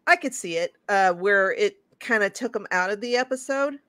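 Female co-host, mid pitch, halting and emotional delivery, dry close sound. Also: animated, a bit bright, dry recording. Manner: emotional, halting, repeats words. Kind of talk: casual podcast chat.

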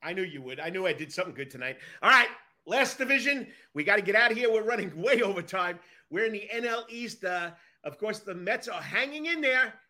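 A man's voice: high voice, animated, brisk, hardly any pauses, bright, forceful tone. A man co-hosting a baseball podcast, chatting casually and moving the talk along. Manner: upbeat, steers the talk along. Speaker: podcast co-host. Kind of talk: casual sports chat.

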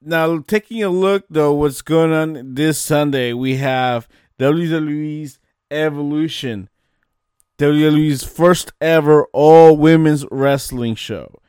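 A man hosting a casual talk show, presenting in a measured, unhurried way. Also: fairly high pitch, darkish tone, clear, resonant tone, no echo, studio quality. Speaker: host.

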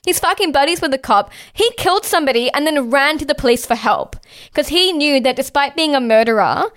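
A woman's voice: high-pitched, lively intonation, fairly quick, a bit bright. A woman co-hosting a casual political discussion, talking in an impassioned way, swearing often and saying "like" a lot.

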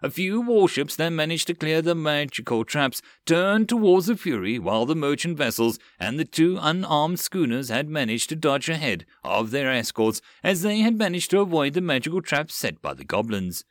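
A man's voice: on the high side, big pitch swings, normal speed, hardly any pauses, no room sound, clean studio sound. A man narrating an audiobook of a web novel with dramatic storytelling.

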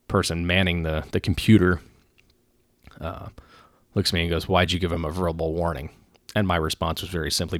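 A man who works as a police officer, talking through policy in a measured way with frequent pauses and restarts. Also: sits low, gravelly, fairly bright tone, no room sound, clean studio sound. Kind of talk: casual commentary.

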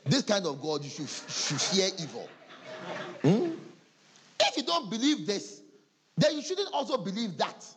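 A man's voice: high-pitched, very animated, unhurried, long pauses, slight background noise. A man with a Ghanaian English accent, preaching as a pastor, acting out church members' excuses and laughing often. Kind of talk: sermon.

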